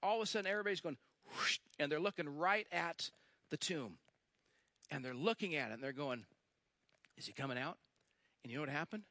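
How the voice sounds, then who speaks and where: Animated, bright-voiced male preacher. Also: high voice, no echo. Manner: animated storytelling, acts out quoted lines; emphatic, repeats phrases, slows for stress. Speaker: pastor. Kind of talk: sermon.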